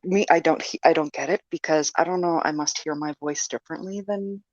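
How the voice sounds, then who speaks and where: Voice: medium pitch, brisk, dry recording, dull audio. A YouTuber in a casual stream conversation, repeating words as they get going. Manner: repeats words, laughs easily. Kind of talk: casual chat on a live stream.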